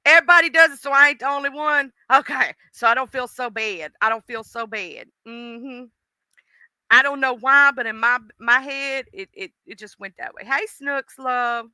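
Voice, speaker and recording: A woman's voice: high voice, moderate pace, bright, forceful tone, clear, resonant tone, no room sound. A woman hosting a livestream, chatting casually and gossiping with viewers, greeting commenters by name with slangy asides. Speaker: livestream host.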